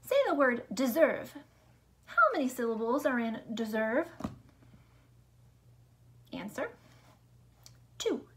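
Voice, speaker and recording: A woman teaching a remote lesson to young children, upbeat and sing-song, speaking slowly and clearly. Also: on the high side. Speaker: elementary school teacher.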